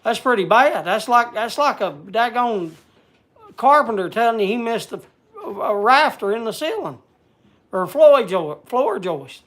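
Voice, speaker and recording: A man's voice: very high-pitched, expressive, unhurried, a bit bright. Brief: man, folksy livestream rambler, loses his words. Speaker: vlogger. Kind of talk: casual livestream chat.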